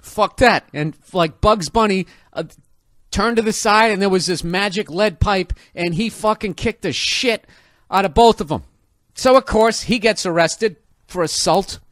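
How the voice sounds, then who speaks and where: Man, high-pitched, comic rant, heavy swearing, mimics people in his story, dry close sound. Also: unhurried, a bit bright, no echo.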